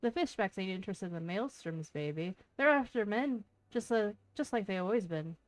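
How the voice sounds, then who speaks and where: A woman voicing a coarse, scheming male tavern keeper in a rough put-on Irish-sounding brogue, reading game lines aloud. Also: medium pitch, moderate pace, darkish tone, no room sound, close to an everyday voice. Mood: gruff. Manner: swearing, blunt, drawled.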